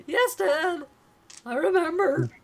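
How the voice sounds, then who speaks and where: A woman voicing a small, skinny, eager boy adventurer who talks high and pleading. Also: animated, slow pace, a crowd in the background, full character voice.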